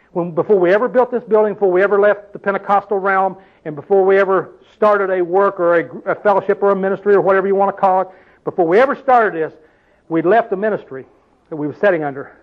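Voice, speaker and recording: High-voiced preacher, lo-fi. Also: male voice, fast. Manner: preacherly, call-and-response exclamations. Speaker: pastor. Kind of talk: sermon. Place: church hall.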